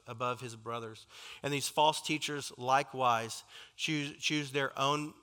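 Bright-voiced man preaching a lively sermon. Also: medium pitch. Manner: animated, frequent restarts and fillers, acts out quoted figures.

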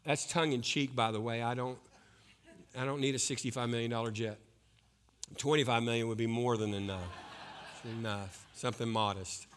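A man preaching a sermon, swinging between hushed, intense passages and loud, rising exhortation. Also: mid-range voice, steady tone, moderate pace, slight background noise. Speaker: pastor.

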